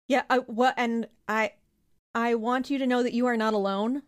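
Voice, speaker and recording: A woman hosting a casual podcast, a therapist talking in a playful, animated way. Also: on the high side, moderate pace.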